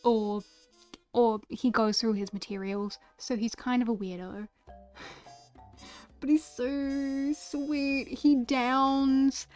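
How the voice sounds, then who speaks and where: Slow, stammering young woman streamer. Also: fairly high pitch. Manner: gushing, stammering with many repeated words. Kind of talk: casual chat about a favorite anime.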